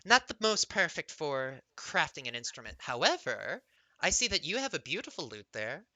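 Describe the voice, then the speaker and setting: A man's voice: on the high side, very animated, moderate pace, bright, forceful tone, no echo, exaggerated voice, low-quality recording. A man voicing a flirty female bird-person bard who repeats and stutters words like a mimic. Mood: coy.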